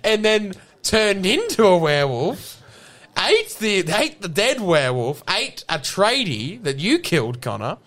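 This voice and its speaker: A man's voice: high voice, huge pitch swings, unhurried, a bit bright. A man co-hosting an improvised comedy podcast, laughing through playful banter. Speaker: podcast co-host.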